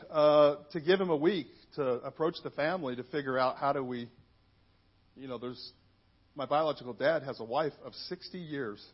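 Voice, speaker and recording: A man in his fifties with a high, husky voice gives a candid church testimony, talking as if to friends and dropping in asides. The recording is muffled and lo-fi. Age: 50s. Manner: candid, storytelling, frequent asides. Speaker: minister giving a personal testimony.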